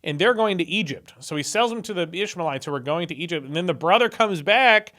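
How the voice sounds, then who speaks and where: A man's voice: high-pitched, expressive, fast, sharp tone. A young man hosting a video, casually retelling Bible stories with irreverent, sarcastic asides. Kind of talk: casual commentary.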